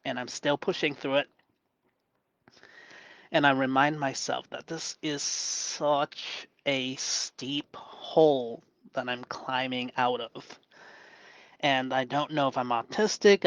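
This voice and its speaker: A man in a reflective live monologue, speaking gently and softly in a deliberately lowered voice, thinking aloud with pauses and restarts. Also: dry recording, low-quality recording. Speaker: self-coaching vlogger.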